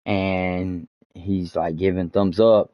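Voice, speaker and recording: A man with a very low voice tells a long story as he streams, stumbling through fillers and restarts and swearing freely. His mic sounds dull and lo-fi, in a dry room with no echo. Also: little pitch movement, slow. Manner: rambling, many fillers and restarts, swears often. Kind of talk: casual storytelling while gaming. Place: home streaming setup.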